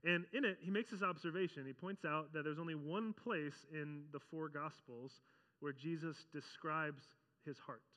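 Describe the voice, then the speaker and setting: A man preaching a conversational sermon as pastor, animated and often acting out the voices he quotes. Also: on the high side, normal speed, big-room sound.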